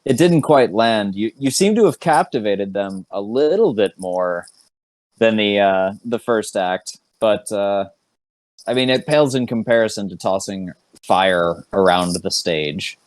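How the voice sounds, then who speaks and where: Laid-back low-voiced game master. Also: male voice, expressive, measured pace, dry recording. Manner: laid-back, laughing often. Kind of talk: narrating a tabletop game. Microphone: online voice chat.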